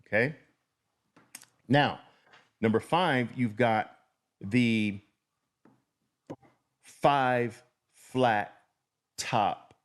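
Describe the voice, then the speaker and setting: A middle-aged man teaching chart patterns, speaking deliberately and repeating key words for emphasis as he draws. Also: medium pitch. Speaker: trading educator. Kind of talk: chart-drawing lesson.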